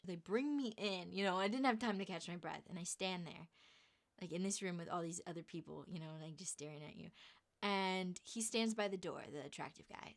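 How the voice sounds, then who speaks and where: A young woman vlogger telling a story in a casual, animated way, laughing often and acting out what other people said. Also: fairly low pitch, vocal fry. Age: young adult. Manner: animated, laughing, acts out quoted voices.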